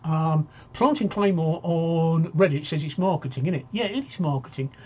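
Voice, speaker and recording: A man's voice: fairly high pitch, normal speed, warm tone, husky, lo-fi sound. A man hosting a casual live-stream talk show, rambling and joking as he reads out viewer comments.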